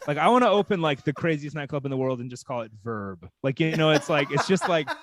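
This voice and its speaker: A man from small-town Texas telling a casual story as a podcast guest, animated and full of "like". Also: on the high side, fast, a crowd in the background. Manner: animated, heavy use of "like".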